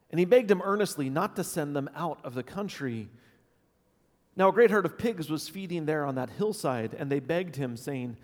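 A man's voice: a little high, lively intonation, moderate pace. A man reading scripture aloud expressively, giving quoted lines extra emphasis. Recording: long hall reverb.

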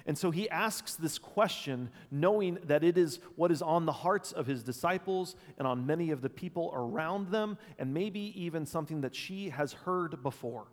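A man preaching a sermon as pastor, thoughtful and unscripted, pausing with fillers and restarts. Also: a little high. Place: church sanctuary. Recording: long church reverb.

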